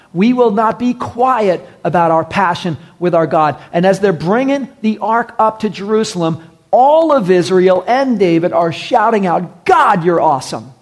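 A man preaching a sermon, animated, moving from hushed lines to shouting. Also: high-pitched. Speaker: pastor.

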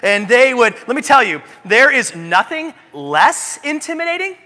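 A high, very bright male voice delivers an animated sermon, leaning into humorous stories. The long reverb of a church sanctuary trails behind his words. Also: moderate pace. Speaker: pastor.

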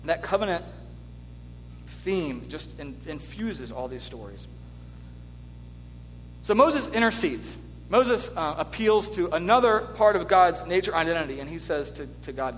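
High-voiced man preaching in a reverberant hall. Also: unhurried, pauses often. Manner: earnest, animated storytelling with restarts. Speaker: pastor. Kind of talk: sermon. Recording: long hall reverb with faint hum.

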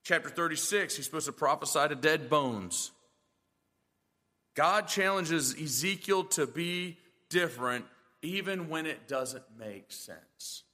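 A man's voice: fairly high pitch, animated, measured pace, pushed and bright, big-room sound. A male pastor preaching a sermon in a church, emphatic and full of rhetorical questions.

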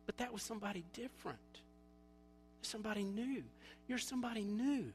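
A male pastor preaching a sermon, animated and storytelling, acting out quoted voices, then dropping to quiet appeals. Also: high-pitched, brisk, in a large hall, faint music behind.

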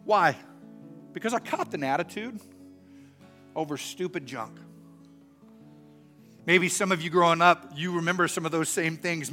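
A middle-aged man preaching a sermon and telling a story. He swings from soft and earnest to loud and animated. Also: sits high. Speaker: pastor.

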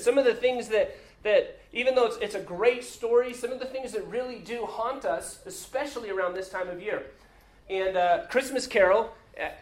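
Pastor, male, high voice; relaxed, joking sermon delivery in an echoey church hall. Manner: chatty, joking, many fillers. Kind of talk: casual sermon. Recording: echoey room.

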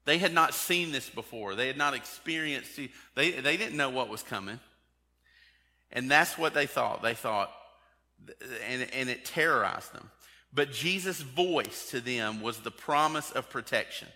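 A man's voice: medium pitch, animated, a little slow, bright, forceful tone, in a large hall. A man preaching a sermon as a pastor, talking in a conversational way and asking the congregation direct questions.

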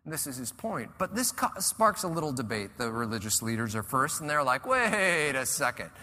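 A male pastor preaching a conversational, animated sermon and acting out the people he describes. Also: medium pitch, brisk. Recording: reverberant church hall.

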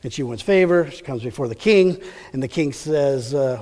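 A man's voice: mid-range voice, lively intonation, moderate pace, darkish tone, long reverb tail. A man preaching a sermon, retelling a Bible story in a casual, rambling way that often corrects itself. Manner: chatty, rambling, self-correcting.

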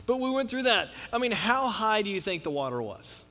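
A middle-aged man preaching a sermon in a conversational, joking way, with swings from loud to quiet. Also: high-pitched, very animated, a little fast. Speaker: pastor.

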